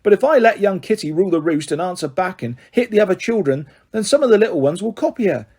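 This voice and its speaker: A man's voice: high voice, expressive, fast, darkish tone, husky, voice pushed up. A man voicing a stern, fussing motherly woman who runs a big household. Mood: proud.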